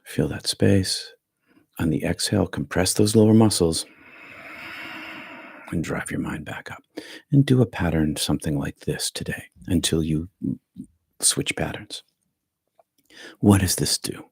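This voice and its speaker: A man's voice: sits low, a little slow, creaky, pauses often, darkish tone, breathy edge, no echo. A male meditation teacher leading an online breathwork session over a video call, rambling and correcting himself as he goes.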